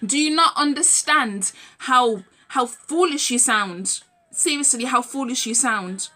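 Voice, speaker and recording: A woman's voice: sits high, lively intonation, measured pace, pushed and bright. A young adult woman vlogging a heated, emphatic rant straight to camera, swearing as she goes.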